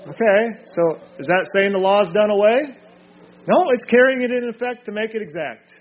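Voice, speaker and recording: A man with a high voice leads a group Bible study at a moderate pace, reading scripture aloud and drilling listeners with short, emphatic remarks. The recording sounds dull and lo-fi.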